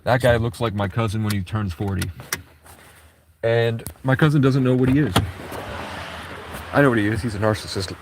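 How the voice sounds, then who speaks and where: A man's voice: mid-range voice, normal speed, long pauses, noisy background. A man livestreaming at a car garage, rambling and swearing, wired on energy drinks after two days awake. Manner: rambling, jittery, swears freely. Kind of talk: casual rambling livestream chat. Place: at a car service garage, outdoors.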